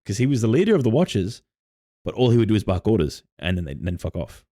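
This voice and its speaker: A man's voice: lowish voice, sing-song, quick pace, warm tone, no echo, clean studio sound. A man co-hosting a podcast, recounting his tabletop campaign in rambling casual chat full of fillers and restarts. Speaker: podcast co-host and game master.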